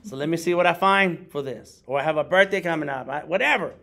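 A middle-aged working artist gives a casual, conversational workshop talk at a quick pace. His voice is gravelly, pushed and bright, and he acts out other people in high, jokey voices.

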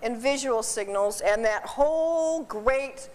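A high-pitched woman lecturing in an informal, chatty style, often laughing and tripping over repeated words. Her voice carries in a long, echoing hall, as if recorded from the back of a lecture room. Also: expressive, takes it slowly. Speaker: dog behavior consultant. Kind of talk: informal seminar talk. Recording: distant voice in a reverberant hall.

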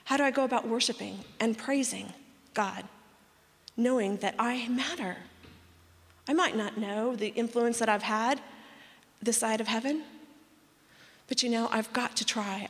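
A woman in her thirties giving an animated testimony talk to a conference audience, acting out the people in her story. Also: fairly high pitch. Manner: animated storyteller, acts out quoted voices. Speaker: speaker at women's conference. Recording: long hall reverb.

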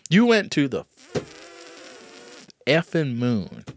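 A man's voice: medium pitch, huge pitch swings, slow. A man co-hosting a podcast, reacting to news clips with sarcastic disbelief and frequent laughter. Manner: sarcastic, incredulous, laughs often. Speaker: podcast co-host.

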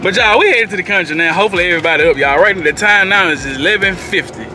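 A man's voice: high voice, very fast. A man, chatting casually to the camera as a family vlogger, telling stories to his viewers. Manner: animated, laughing storyteller addressing viewers as y'all. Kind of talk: casual vlog chat to camera. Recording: noisy background.

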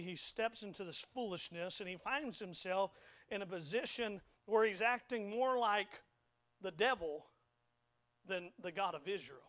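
High-pitched and a bit bright, the voice belongs to a young adult pastor delivering a sermon in the sanctuary. He stumbles and repeats words often, keeping a folksy, emphatic tone.

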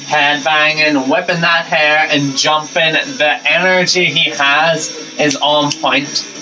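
A man's voice: fairly high pitch, steady tone, slow, poor audio. A man hosting a reaction channel, giving upbeat, enthusiastic commentary on a concert performance. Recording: concert music playing loud behind. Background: music.

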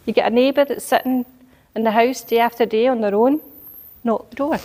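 A woman's voice: a little high, brisk, mellow, a little hiss or hum. A woman preaching a sermon, telling a personal story and building into emphatic exhortation.

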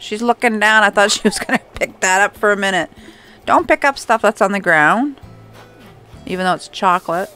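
A woman's voice: mid-range voice, moderate pace, pushed and bright, smooth. A young adult woman casually commenting on her gameplay, chatting to game characters and laughing often. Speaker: gameplay streamer. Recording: faint background music.

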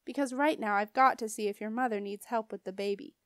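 A woman voicing a calm, patient father in a gentle, even tone. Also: medium pitch, fairly quick, clear, resonant tone, dry recording, clean studio sound, natural voice.

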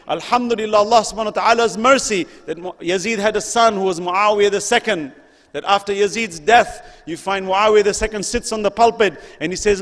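A man giving an emotional religious lecture, building to loud questions and sinking to hushed, near-whispered passages. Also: sits high, big-room sound.

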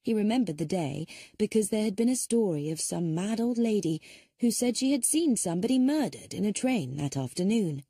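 A woman narrating a mystery audiobook in a steady storytelling manner. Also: mid-range voice, brisk, husky, no room sound, studio quality. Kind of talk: scripted narration.

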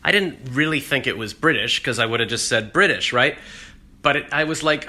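A man's voice: medium pitch, normal speed, sharp tone. A man rambling through a jokey, self-deprecating casual vlog. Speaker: vlogger.

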